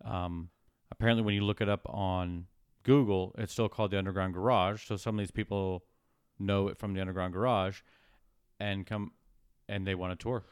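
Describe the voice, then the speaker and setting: A man's voice: deep voice, steady tone, moderate pace, clear, resonant tone, no echo, studio quality. A man who runs a shop, talking in a casual podcast chat in a blunt, plainspoken way. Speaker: shop owner, podcast co-host.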